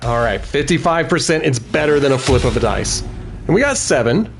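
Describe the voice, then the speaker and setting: A man's voice: mid-range voice, very animated, a little fast, creaky, a little hiss or hum. A man giving let's-play commentary, thinking aloud about tactics and cheering on his party members. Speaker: gaming video host.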